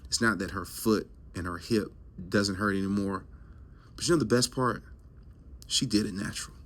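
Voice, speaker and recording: A man's voice: lowish voice, normal speed, fairly bright tone. A man hosting a health show, giving an emphatic, preachy motivational talk full of rhetorical questions and repetition. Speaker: health coach host. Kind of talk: motivational monologue to camera.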